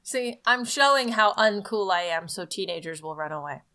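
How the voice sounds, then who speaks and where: A woman's voice: medium pitch, animated, normal speed, pushed and bright. An American woman co-hosting a casual podcast, teasing and blunt in a playful way. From United States. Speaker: podcast co-host. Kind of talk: casual chat.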